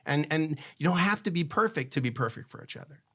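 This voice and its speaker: A man, a divorce attorney, giving candid marriage advice in a conversational way. He acts out both spouses' lines, and he goes soft and hushed when he shares a personal story. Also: fairly high pitch, lively intonation, fast.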